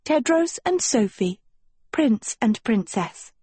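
A proud teenage girl speaks in a high, sing-song, coaxing tone, as a woman reads her. The voice has a husky edge, set close and dry. It is an audiobook character voice. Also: sing-song, slow pace, mellow, dry recording, exaggerated voice. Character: scheming proud teenage girl, sweetly menacing.

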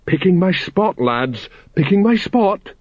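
A man's voice: a little high, big pitch swings, unhurried, no echo, exaggerated voice. A man doing a blustering old sergeant. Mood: nervous bravado. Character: blustering stout older male sergeant, nervous. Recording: slightly muffled dry recording.

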